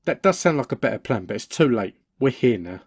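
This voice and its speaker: A man's voice: medium pitch, big pitch swings, brisk, a little mellow, husky, dry recording, studio quality. A man voicing a stubborn young man who gets pushed around, defensive and blustering when questioned. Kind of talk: cartoon voice acting.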